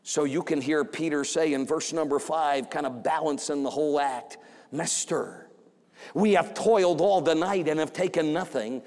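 A man's voice: a little high, normal speed, few pauses, a little mellow. A man preaching a revival sermon as an evangelist. He tells the story with animation, acts out the quoted voices and repeats phrases for emphasis. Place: church sanctuary. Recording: long church hall reverb.

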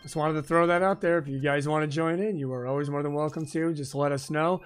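A man hosting a live gaming stream, chatting casually in a rambling, profane way full of "like" fillers, into a boom-arm microphone at his home desk. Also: fairly even intonation, fast talker, clean tone, soft background music. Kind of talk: casual chat while gaming.

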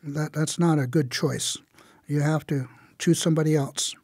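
A man's voice: a little high, fairly even intonation, normal speed, a little mellow, husky, dry recording, studio quality. A man voicing the stern, disapproving parents of a young woman, speaking firmly in a told story. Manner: firm, scolding.

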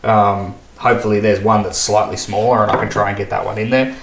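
A man's voice: lowish voice, fairly even intonation, brisk. An Australian man talking casually as he builds, thinking aloud and picking at his own mistakes in a workshop. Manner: thinking aloud, self-critical, easygoing. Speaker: boat builder vlogger. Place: boat shed workshop. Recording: echoey workshop, faint background noise.

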